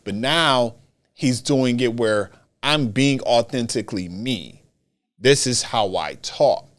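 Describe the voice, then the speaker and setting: A man hosting a solo wrestling commentary podcast, talking in an animated way and repeating phrases for emphasis. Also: medium pitch, slow pace. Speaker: podcast host.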